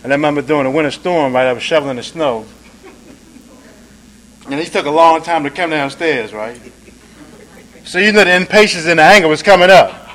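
Animated and brisk yet given to long pauses, a man shares a recovery testimony at a meeting, peppering his talk with "man," "right?" and "you dig?" He alternates soft, low passages with loud, emphatic ones, on a low-quality recording with slight background noise.

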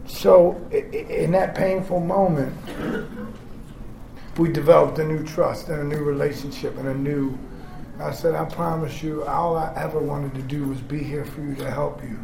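A man in his forties giving a raw, profane personal testimony to a group, swinging between shouting and hushed talk. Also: a little high, steady tone, moderate pace, gravelly. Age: 40s. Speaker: speaker sharing his story with a group. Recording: echoey room with background noise.

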